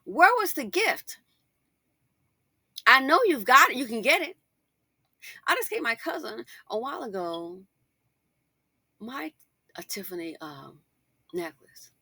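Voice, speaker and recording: A middle-aged woman hosting a casual commentary monologue, chatty and animated, full of asides and emphatic rhetorical questions. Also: a little high, a little slow, long pauses, husky, dry recording, studio quality. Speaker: commentary channel host.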